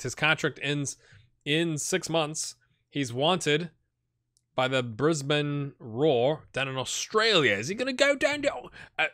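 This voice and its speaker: A gaming channel host, male, with a mid-range voice and a sharp edge, rambles chattily through a football management save. He thinks out loud and keeps restarting his sentences in this casual gameplay commentary.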